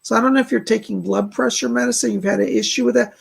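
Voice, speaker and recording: A man with a very gravelly, rough-edged voice hosts a live stream of psychic readings. He talks in a chatty way, full of fillers, as he passes along messages. His tone is husky rather than clean. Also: extremely high pitch, steady tone, quick pace. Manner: chatty, relays spirit messages with many fillers. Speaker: psychic reader and host.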